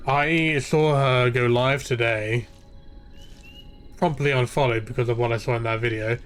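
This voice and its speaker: A man's voice: medium pitch, fairly even intonation, a little slow, fairly bright tone, faint music behind. A young man ranting and swearing freely while streaming a game, rambling from point to point. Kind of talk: ranting live gameplay commentary.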